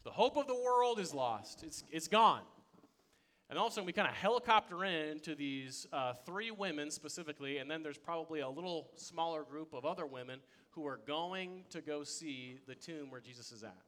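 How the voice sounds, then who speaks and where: A young adult man preaching a sermon as a pastor, telling stories with energy and swinging between loud excitement and quiet. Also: a little high, normal speed. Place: church sanctuary.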